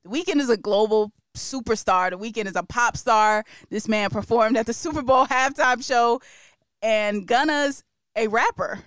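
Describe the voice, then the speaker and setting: Smooth-voiced woman co-hosting a podcast. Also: fairly high pitch, measured pace, a bit bright, no room sound, clean studio sound. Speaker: podcast co-host. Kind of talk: casual chat.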